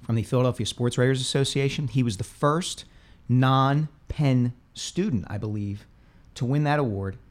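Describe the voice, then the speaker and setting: A man co-hosting a casual sports chat, relaxed and opinionated, with lots of "like" and "I mean". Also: mid-range voice, normal speed. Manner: relaxed, chatty, opinionated, with filler words. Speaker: podcast co-host, sports columnist.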